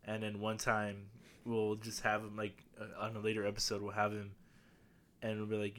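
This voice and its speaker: A man's voice: lowish voice, completely flat delivery, moderate pace, a bit bright. A man in his twenties co-hosting a podcast, bantering and joking. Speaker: podcast co-host. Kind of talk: casual chat.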